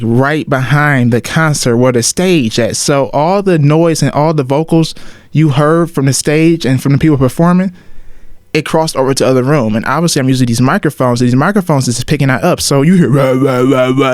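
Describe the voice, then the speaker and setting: A man's voice: medium pitch, a little fast, no room sound, clean studio sound. A man in his twenties talking casually on his solo podcast, loose and slangy, often calling out to listeners as y'all. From Ohio. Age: 20s. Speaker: podcast host.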